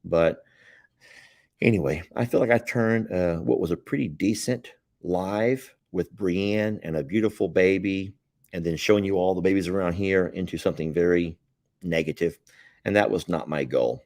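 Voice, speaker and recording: A man's voice: sits low, moderate pace, a little mellow, no room sound, studio quality. A man with a Southern American accent, hosting a live stream in a rambling, folksy way and chuckling often. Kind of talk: casual live-stream chat.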